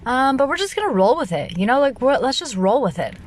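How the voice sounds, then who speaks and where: A young adult woman hosting her own podcast in a loud, rambling solo monologue, restarting sentences often and laughing at herself. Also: high voice, a little fast. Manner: loud, animated delivery. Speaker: podcast host.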